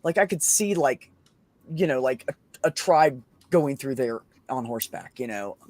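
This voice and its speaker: A man chatting casually on a podcast, telling excited stories and swearing often. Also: medium pitch, a little slow, no room sound. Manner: excited storytelling, frequent swearing. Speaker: podcast host. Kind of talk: casual chat.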